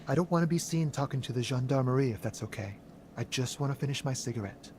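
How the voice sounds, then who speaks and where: A wary young man in a video game, voiced by an actor. He speaks quietly and evasively at a quick clip. Faint noise sits behind him. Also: mid-range voice, lightly acted. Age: young adult.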